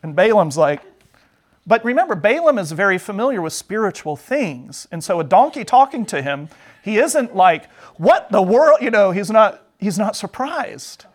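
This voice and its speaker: A man's voice: sits high, sing-song, normal speed. A man teaching an adult Sunday school class, retelling a Bible story in a chatty, joking way.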